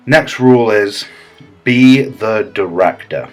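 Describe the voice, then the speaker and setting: A man's voice: on the low side, expressive, unhurried, faint music behind. A man delivering a comedy monologue as a smug, self-important improv teacher, rambling with many fillers and restarts.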